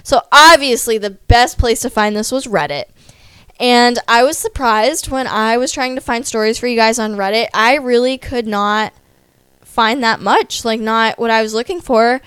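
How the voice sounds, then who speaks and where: A young woman chats to her viewers in a loose, rambling vlog, dropping "like" into nearly every sentence and poking fun at herself. Her voice sits a little high and sounds smooth and clean. The recording is dry and close, with no room sound. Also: moderate pace, fairly bright tone, no room sound. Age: young adult. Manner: rambling, many "like" fillers, self-deprecating asides. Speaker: vlogger. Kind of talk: casual chatty vlog.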